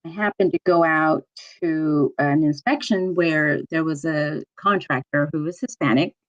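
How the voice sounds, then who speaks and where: A middle-aged woman in code enforcement, telling a work story in a panel talk, animated and laughing often. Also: low voice, unhurried, muffled recording. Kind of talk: panel discussion, personal story.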